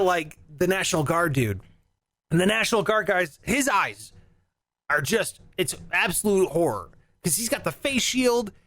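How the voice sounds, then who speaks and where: A man hosting a casual chat show, telling an animated story with lots of laughter and acted-out voices. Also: high voice, dry recording. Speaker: podcast host.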